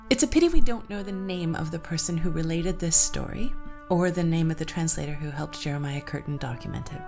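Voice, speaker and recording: A woman narrating an old folktale and adding her own commentary, in a measured, even way. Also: sits low, creaky. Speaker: storyteller and podcast host.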